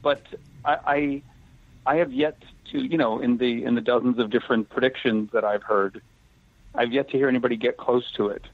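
A man's voice: mid-range voice, steady tone. A man, an actor guest in a casual interview, talking carefully and holding back spoilers. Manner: careful and measured, avoids spoilers. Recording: tinny phone line, dry.

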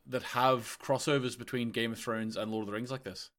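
A man's voice: medium pitch, steady tone, a little fast, a bit bright. A young man co-hosting a film podcast, easygoing and hesitant, often restarting his sentences. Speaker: podcast co-host. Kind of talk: casual film chat.

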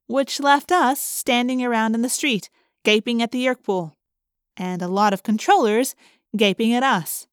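Woman reading a novel aloud, steady clear telling, dry close sound. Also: a little high, no room sound. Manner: clear, measured storytelling. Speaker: audiobook narrator. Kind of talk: first-person audiobook narration.

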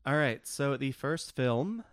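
A man's voice: mid-range voice, expressive, takes it slowly, dry recording, clean studio sound. A man co-hosting a podcast, casually and wryly explaining the plots of obscure films. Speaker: podcast co-host. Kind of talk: casual movie discussion.

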